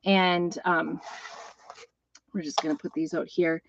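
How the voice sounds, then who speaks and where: A woman's voice: fairly low pitch, little pitch movement, unhurried, gravelly, no room sound, lo-fi sound. A middle-aged woman hosting a live craft demonstration, chatting and rambling through stories while she works with her hands. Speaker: craft seller and host.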